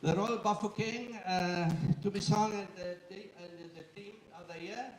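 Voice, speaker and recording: A man who chairs a company, giving a live welcome speech to an audience, joking and using halting fillers. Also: high-pitched, fairly even intonation. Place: indoor event room with an audience. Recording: echoey room, far from the mic, faint noise.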